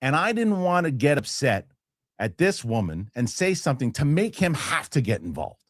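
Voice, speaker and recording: A man's voice: medium pitch, normal speed, dry recording, studio quality. A man in his forties hosting a show, telling a heated story in a casual rant, swearing and acting out the people in it. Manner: heated, animated, swears, acts out quoted people. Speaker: show host.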